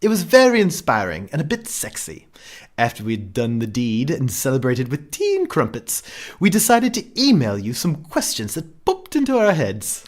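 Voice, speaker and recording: A man's voice: medium pitch, huge pitch swings, normal speed. A man reading a letter aloud in a playful, put-on Southern British accent, voicing a prim, posh letter-writer. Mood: mock-genteel. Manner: playful, over-the-top impression. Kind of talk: comic read-aloud of a letter.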